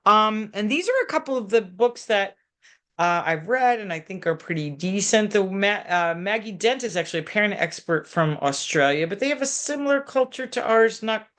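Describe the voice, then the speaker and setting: A middle-aged woman therapist giving parenting advice in an animated, chatty way, full of restarts and asides. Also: mid-range voice, moderate pace. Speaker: therapist in private practice. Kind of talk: conversational advice talk. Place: local community TV program.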